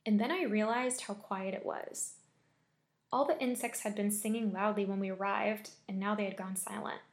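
A woman reading a scary story aloud with steady, measured storytelling. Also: medium pitch. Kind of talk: scripted horror story narration.

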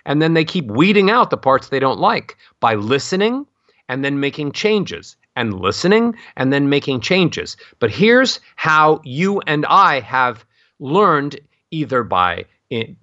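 A middle-aged man coaching on voice, talking expressively and swooping his pitch up and down to show melody. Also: very animated, unhurried, pushed and bright, dry recording, dull audio. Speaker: vocal coach. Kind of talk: expressive instructional talk with sung-like demonstrations.

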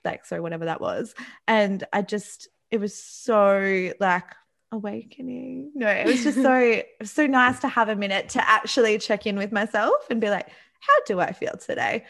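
A young woman co-hosting a podcast, rambling through casual stories in a chatty, animated way. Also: mid-range voice, creaky. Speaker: podcast co-host. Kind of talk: casual chat.

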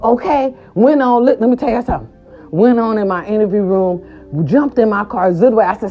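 A woman vlogger telling a story and then giving a pep talk, animated and profane, slipping into quoted voices. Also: medium pitch, a little fast. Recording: dull lo-fi recording with faint music.

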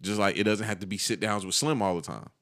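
A man's voice: fairly low pitch, fast talker. A young man co-hosting a casual podcast, telling stories in slang and acting out what other people say. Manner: animated, slangy storytelling with acted-out quotes. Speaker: podcast co-host.

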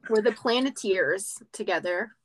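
A woman's voice: mid-range voice, a little slow. A woman co-hosting a podcast in casual chat, playful and joking, laughing often. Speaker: podcast co-host.

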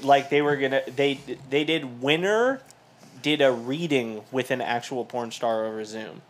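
Mid-pitched male co-host, easygoing and offhand. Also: unhurried. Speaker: podcast co-host. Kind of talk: casual comedic chat.

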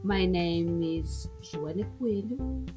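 A woman's voice: lowish voice, slow pace, over music. A woman in her thirties from Portugal with a Portuguese accent, hosting a solo podcast in a playful, rambling, self-mocking way. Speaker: podcast host.

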